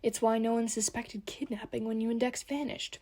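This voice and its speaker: A woman voicing a gentle, grieving elf father who speaks softly and sighs. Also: fairly high pitch, level tone, normal speed, close to an everyday voice. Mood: somber. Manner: soft and heavy, often sighing.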